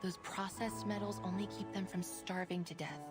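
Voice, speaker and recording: A woman plays an earnest young researcher in a video game, calm and focused, thinking aloud in a measured way. Her voice sits at an ordinary middle pitch. Game music plays clearly behind her. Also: lightly acted. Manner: measured, self-reassuring. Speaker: game character. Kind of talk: game voice acting.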